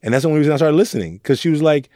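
A man's voice: fairly high pitch, lively intonation, racing, warm tone, no echo, studio quality. A young man from Oakland, a youth mentor, speaking candidly and reflectively in an interview. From Oakland, California. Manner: earnest, reflective storytelling with quoted asides.

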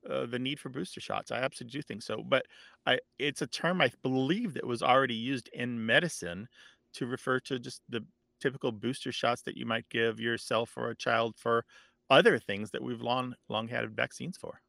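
A man explaining word origins as a guest expert, thoughtful and steady. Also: mid-range voice, normal speed, gravelly, no room sound, studio quality. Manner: thoughtful, with fillers and restarts. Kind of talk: conversational explaining.

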